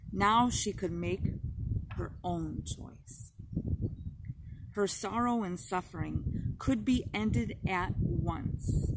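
A woman reads an audiobook aloud in a slow, measured way. Her voice sits at a middle pitch for a woman. The delivery is steady, unhurried storytelling. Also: gravelly, background noise. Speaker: audiobook narrator. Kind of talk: audiobook narration.

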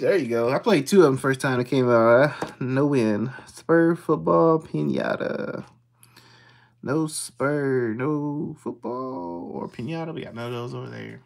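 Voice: mid-range voice, creaky. A livestream host, casually reading out symbols one by one and greeting viewers in the chat.

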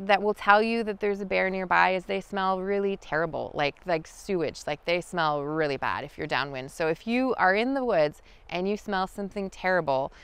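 A woman guiding an outdoor lesson in the forest, talking in a relaxed, chatty way with many fillers. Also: on the low side, gravelly, clean tone, dry recording. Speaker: wild food guide. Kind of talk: outdoor teaching talk.

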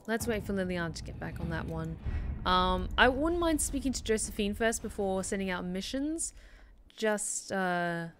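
A woman's voice: medium pitch, animated, normal speed, a bit bright, slight background noise. A woman streaming a game, chatting casually and reading in-game notes aloud. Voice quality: chatty, frequent fillers. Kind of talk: casual let's-play chat.

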